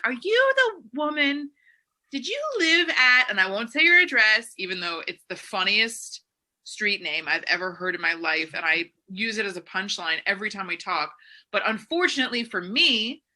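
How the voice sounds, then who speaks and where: A woman co-hosting a podcast, chatting casually and telling animated stories with loud acted quotes. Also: on the low side, brisk. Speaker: podcast co-host. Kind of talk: casual chat.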